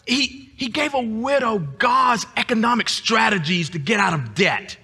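A man preaching a sermon as a guest speaker, often repeating words and rising to emphatic shouts. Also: extremely high pitch, normal speed, slightly rough. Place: church sanctuary. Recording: long church reverb.

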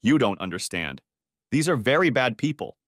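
A man's voice: mid-range voice, big pitch swings, moderate pace, a bit bright, no echo, studio quality. A man playing a scheming crook. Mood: fearful. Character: scheming man, smug turning panicked.

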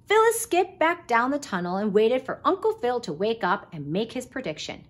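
A preschool teacher, a woman, reading a picture book aloud with expressive storytelling. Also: medium pitch, moderate pace, hardly any pauses.

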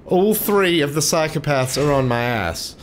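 Slightly high-voiced male game commentator, unhurried, prone to swearing and sudden yelps; noisy home recording. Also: animated. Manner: swings from loud outbursts to muttering; swears and curses at enemies. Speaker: gameplay commentator. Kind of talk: let's play commentary.

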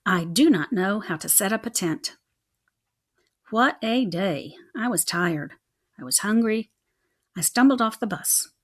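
Expressive woman reading a children's book. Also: medium pitch, unhurried, pauses often. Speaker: reader.

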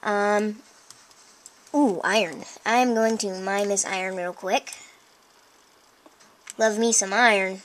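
A woman commenting on her own video game play, chatty and easily excited, often breaking into exclamations and talking straight to her viewers. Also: mid-range voice, slow, long pauses, slight background noise. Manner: chatty, addresses viewers directly. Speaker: let's play host. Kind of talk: gameplay commentary.

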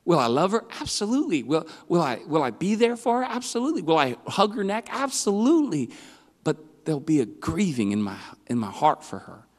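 Male youth pastor, high-pitched, animated preacher; sanctuary reverb. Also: a little fast. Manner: animated preaching, swings from loud to hushed. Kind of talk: youth sermon. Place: church hall. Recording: long hall reverb.

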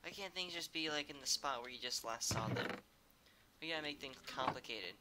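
A man's voice: medium pitch, brisk, heavy background noise. A young man playing a video game alone at home, muttering irritably and swearing to himself. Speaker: gamer. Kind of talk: solo gaming commentary. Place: room at home.

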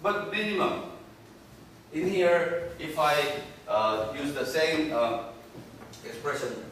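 A male university professor gives a classroom lecture, speaking in short halting phrases and often checking in with "okay?". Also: a little high, lively intonation, fairly bright tone, a little hiss or hum. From South Korea. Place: lecture room. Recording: echoey room from far off.

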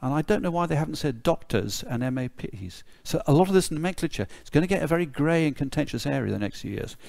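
British male lecturer, gravelly, sardonic and blunt, close dry recording. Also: on the high side, lively intonation, fast talker, darkish tone, no echo. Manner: wry, sardonic humour; blunt, mildly swearing asides. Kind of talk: conference lecture.

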